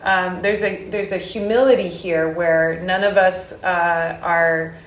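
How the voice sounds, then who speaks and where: A woman's voice: lowish voice, steady tone, measured pace. A woman from Hawaii, an Ayurvedic practitioner, talking casually in an interview with frequent fillers and restarts. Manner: warm storytelling with hesitant fillers. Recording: roomy echoey sound.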